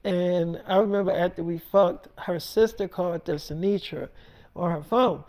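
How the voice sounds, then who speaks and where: A woman's voice: fairly low pitch, steady tone, normal speed, a little mellow. A woman telling an improvised first-person story in a crude, rambling, repetitive way.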